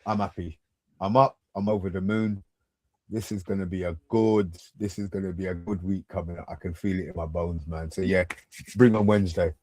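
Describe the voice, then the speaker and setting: A man's voice: low voice, steady tone, a little fast, a little mellow, dry recording. A man co-hosting a football fan podcast, laid-back and slangy. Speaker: podcast co-host. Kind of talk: casual football fan chat.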